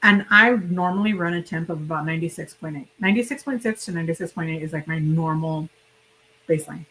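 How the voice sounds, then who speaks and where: A woman's voice: sits low, quick pace, pushed and bright, slight background noise, poor audio. A woman hosting a casual livestream, chatting and rambling directly to her viewers while sick and hiccuping. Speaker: livestream host.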